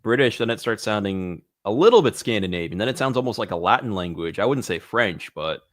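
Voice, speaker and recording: Deep-voiced laid-back podcast guy. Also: expressive. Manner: slow, laid-back, says dude. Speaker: podcast co-host. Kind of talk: casual comedy podcast chat.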